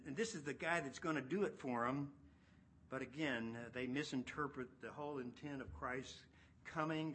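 A man preaching an expository sermon, animated, acting out voices and swinging from loud to hushed. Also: medium pitch, slight background noise.

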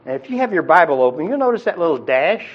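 A man's voice: a little high, big pitch swings, fast, lo-fi sound. A man preaching a sermon in a conversational teaching style, with frequent fillers and restarts. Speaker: pastor.

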